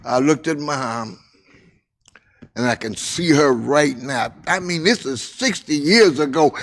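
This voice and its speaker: In a fairly high pitch with lively intonation, an older man narrates a personal story from when he was a child. He repeats phrases, pauses for drama, and softens to a hush at tender points.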